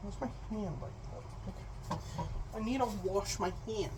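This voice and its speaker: Young woman rambling goofily while cooking, unhurried, bit of hiss behind. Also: medium pitch, expressive, recorded from a distance. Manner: goofy and rambling, talks to viewers. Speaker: cooking vlogger. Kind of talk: casual cooking chat.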